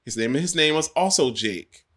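A man's voice: fairly high pitch, animated, normal speed, a bit bright. A man co-hosting a podcast in casual chat, telling stories with animation and laughing through the punchlines. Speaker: guest co-host.

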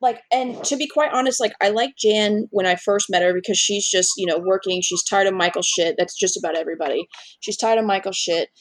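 A woman co-hosting a podcast in casual chat, animated, swearing often and acting out scenes. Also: medium pitch, a little fast, no room sound. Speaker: podcast co-host.

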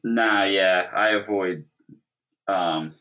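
A man's voice: low voice, very slow, pushed and bright. A man co-hosting a podcast in casual chat, talking in a laid-back, blunt way. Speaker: podcast co-host.

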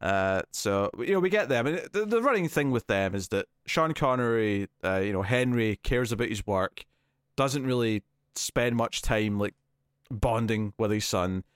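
A man co-hosting a podcast, chatting casually about a film and often pausing to restart his sentences. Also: fairly low pitch, animated, clean tone, no echo, clean studio sound. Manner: rambling, hesitant, with frequent fillers and restarts. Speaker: podcast co-host. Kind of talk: casual film review chat.

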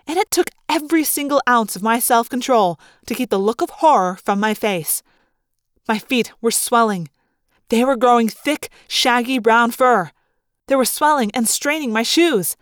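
A woman narrating a first-person story aloud as a fan audiobook reader, with a lively, expressive delivery. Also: a little high, a little slow, no room sound, clean studio sound.

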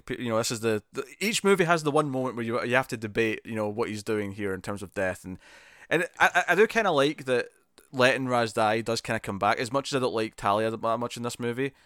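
A man casually discussing a film with a friend, animated and rambling, often restarting his sentences. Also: mid-range voice, a little fast, no echo, clean studio sound. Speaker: podcast co-host.

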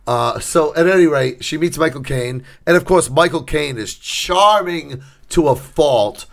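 A man co-hosting a casual podcast, retelling a film plot with sarcastic asides and quick acted-out quotes. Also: a little high, lively intonation, creaky, fairly bright tone. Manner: sarcastic storytelling, acts out quotes. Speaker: podcast co-host. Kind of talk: casual chat.

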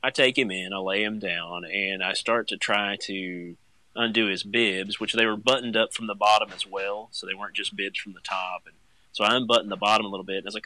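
Bright-voiced, low-pitched man telling a story. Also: brisk, no room sound. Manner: animated, jumps up high when quoting himself in panic. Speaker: guest, stay-at-home dad. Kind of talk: casual storytelling chat.

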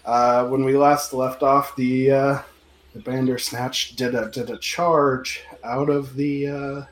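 A man's voice: mid-range voice, flat delivery, slow, roomy sound, a little hiss or hum, poor audio. A man narrating a tabletop game as game master, rambling and casual with lots of filler.

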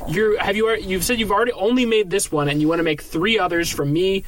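A man playing an investor in an improvised comedy sketch, asking deadpan questions and stumbling through many restarts. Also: high voice, quick pace, a little hiss or hum, rough recording.

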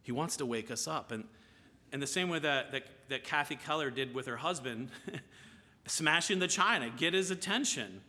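A man's voice: medium pitch, normal speed, bright, forceful tone. A man preaching a sermon in a conversational way, often checking in with his listeners by asking "right?". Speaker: pastor. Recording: long hall reverb.

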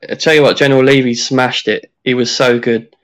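A man co-hosting a podcast in casual chat, easygoing and quick to agree. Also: mid-range voice, steady tone, fairly bright tone. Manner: easygoing, short agreeing replies. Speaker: podcast co-host.

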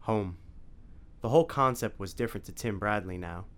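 A man narrating an adventure story as an audiobook, with clear, evenly paced storytelling. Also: fairly low pitch, normal speed, a bit bright.

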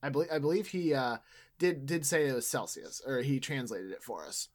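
A man's voice: medium pitch, expressive, a little fast, a little mellow. A man co-hosting a podcast in casual chat, with a dry, sarcastic way of joking. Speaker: podcast co-host.

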